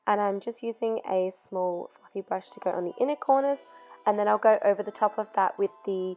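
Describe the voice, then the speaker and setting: A woman's voice: mid-range voice, brisk, darkish tone, faint music behind. A young woman narrating a makeup tutorial voice-over step by step, chatty, while losing her voice. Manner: chatty, step-by-step explaining with fillers. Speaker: makeup artist.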